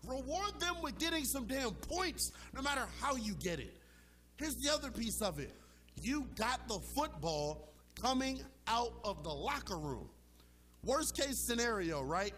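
A man's voice: very high-pitched, a bit bright. A man hosting a sports talk show, arguing with emphatic, impassioned delivery and casual slang. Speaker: sports radio host.

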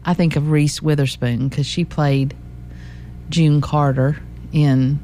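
A woman's voice: deep voice, fairly even intonation, dark tone, slight background noise. Southern woman reading local ads on air. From American South. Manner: slow, careful reading of listings and phone numbers. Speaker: local radio co-host. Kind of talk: casual chat and reading classified ads.

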